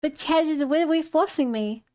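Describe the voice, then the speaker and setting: A woman's voice: high-pitched, brisk, lightly acted. A woman voicing an exaggerated cutesy uwu-talking girl on a live stream, adding "uwu" to the end of her sentences in a sugary, mock-sweet way. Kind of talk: playful put-on voice on a live stream.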